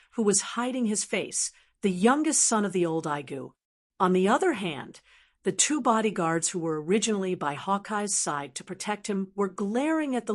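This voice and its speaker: At a mid pitch, a woman reads a fantasy novel for an audiobook. Her delivery is steady and even, paced in the measured way of scripted narration.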